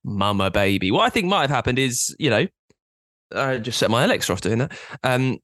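Man, podcast co-host, rambling chat, stop-start phrasing, very lively pitch, dry close sound. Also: no echo. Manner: rambling, halting restarts. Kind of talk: casual chat.

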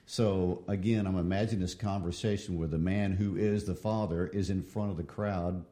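A man's voice: sits low, steady tone, normal speed, mellow. A man in a casual book discussion, talking in a thoughtful, reflective way. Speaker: co-host discussing a novel.

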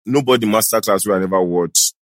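Confident Nigerian man, low dry voice. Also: quick pace, no room sound. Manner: confident, advising, mixes pidgin with English. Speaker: actor and event host, guest. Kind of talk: casual chat.

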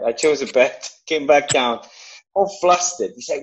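A man on a panel telling a story in an animated, profane way, acting out shouted lines. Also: a little high, moderate pace, noisy background. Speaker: actor on a reunion panel. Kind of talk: casual anecdote.

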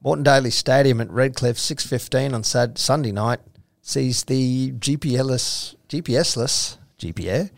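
Australian man reading footy odds, gravelly. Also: medium pitch, moderate pace, hardly any pauses, no echo, clean studio sound. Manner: reads out fixtures and odds, jokey. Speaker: podcast host. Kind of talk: casual sports tipping chat.

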